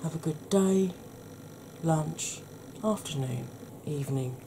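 A woman with a husky, croaky voice hosts a soft-spoken ASMR makeup tutorial, chatting gently to her viewers. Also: sits low, slow pace, noisy background. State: husky, croaky voice from a sore throat.

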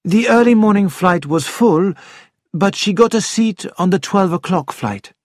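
A man's voice: high-pitched, expressive, measured pace, no room sound, studio quality. A man voicing a loyal, anxious young French maid who pleads her innocence in an audiobook drama. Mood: earnest. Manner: earnest, pleading denials.

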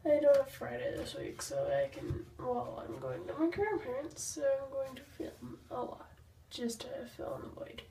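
Woman vlogger, high bright voice, rambling bedtime chatter, echoey room, off-mic, faint ambience. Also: normal speed, gravelly, recorded from a distance, a little hiss or hum. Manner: rambling, chatty, drifts between thoughts. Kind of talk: casual daily vlog chat. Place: home, getting ready for bed.

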